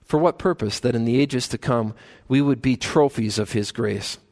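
A male pastor delivers a sermon to his congregation in a church, his voice sitting at an ordinary middle pitch. He speaks earnestly, building to emphatic, louder peaks and then slowing deliberately on the phrases he wants remembered. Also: creaky.

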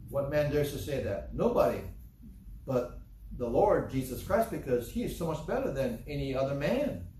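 A man's voice: mid-range voice, sing-song, moderate pace, mellow, far from the mic, a little hiss or hum. A man preaching a sermon, emphatic and repetitive, firing rhetorical questions and reading scripture aloud. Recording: echoey room, voice from off-mic.

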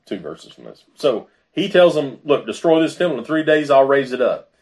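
A man's voice: medium pitch, a little mellow. A man preaching a sermon in a conversational way, with fillers and asides. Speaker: pastor.

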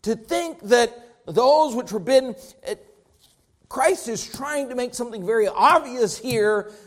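A man with a notably high voice delivers a sermon. He speaks with an emphatic preaching cadence, swinging up and down in pitch and loudness to drive his points home. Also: lively intonation, unhurried. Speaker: pastor.

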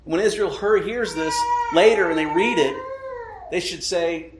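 A man's voice: on the high side, a little slow, noisy background. A man preaching a sermon, emphatic, often asking rhetorical questions and checking in with "right?". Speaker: pastor. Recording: echoey room.

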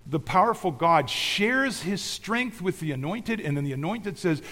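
A man's voice: high voice, lively intonation, unhurried, hardly any pauses. Preaching man in a reverberant church. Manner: emphatic preaching, swings between loud declarations and quiet asides. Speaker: pastor. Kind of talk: sermon.

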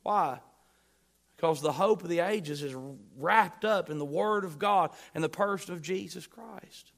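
A man preaching a sermon as pastor, emphatic, swinging between loud bursts and quiet asides, and putting questions to the congregation. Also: high voice, measured pace, gravelly.

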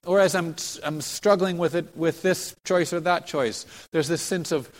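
A man's voice: fairly high pitch, lively intonation, normal speed, hardly any pauses, in a large hall. A man preaching a sermon earnestly, often restarting and repeating phrases as he builds emphasis. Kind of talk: sermon teaching.

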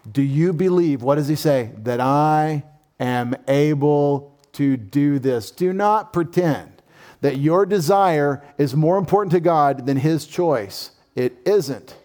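Animated male pastor preaching with humor. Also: fairly high pitch. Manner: animated, humorous asides and lively quoted voices. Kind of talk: sermon.

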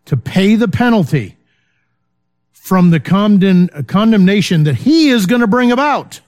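A man teaching an unscripted Bible lesson, measured and explanatory, pausing on "uh" and checking in with "okay". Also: high voice, animated, a little mellow, faint music behind.

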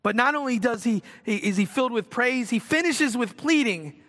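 Bright-voiced man preaching in a reverberant hall. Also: very high voice, lively intonation, moderate pace. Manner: earnest, swings from loud exclamations to quiet reflection. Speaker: pastor. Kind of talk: sermon.

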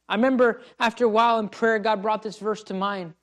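A man's voice: very high-pitched, fairly even intonation, fairly quick, few pauses. Impassioned preacher man. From United States. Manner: impassioned, rising to pleading cries and dropping to quiet. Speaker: missionary preacher. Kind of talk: sermon.

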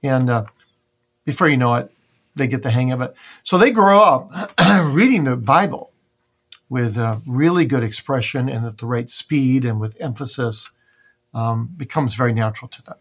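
Earnest guy teaching step by step in an interview, average pitch, kinda muffled lo-fi sound. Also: a bit bright. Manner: earnest, numbered teaching points with homely examples. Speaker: pastor and author being interviewed. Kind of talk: instructive interview answers.

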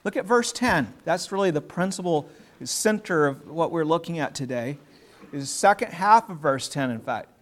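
A man's voice: on the high side, animated, normal speed. A man preaching a sermon, reading Bible passages aloud and then explaining them in a conversational way.

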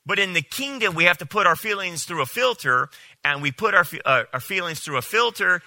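Man, pastor, sermon, animated, incredulous, dry close sound. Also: sits high, brisk, dry recording. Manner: animated, incredulous, mocking quoted speech.

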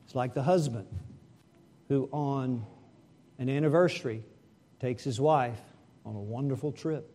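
A man preaching a sermon, animated and asking the congregation rhetorical questions. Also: medium pitch, a little slow, long pauses. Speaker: pastor.

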